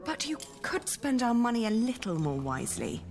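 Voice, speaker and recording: An actress playing the sensible younger sister of a knight in a story game, reasoning and pleading. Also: female voice, fairly high pitch, big pitch swings, normal speed. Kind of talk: game voice acting. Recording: game audio with loud music.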